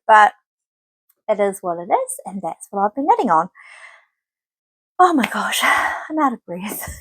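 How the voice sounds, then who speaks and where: A woman's voice: a little high, dry recording. A woman in her thirties hosting a knitting podcast, chatting casually and rambling with many filler words. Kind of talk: casual chat to camera.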